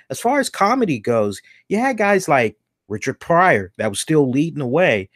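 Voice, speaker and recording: A man's voice: on the high side, very animated, moderate pace, dry recording, clean studio sound. A man hosting a casual commentary show, talking bluntly and animatedly and swearing freely, hiccuping a little after some beer. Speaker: podcast host.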